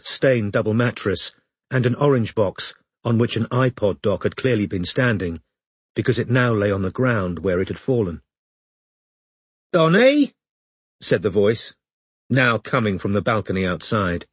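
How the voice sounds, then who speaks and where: Husky-voiced male audiobook narrator. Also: lowish voice, moderate pace, no echo.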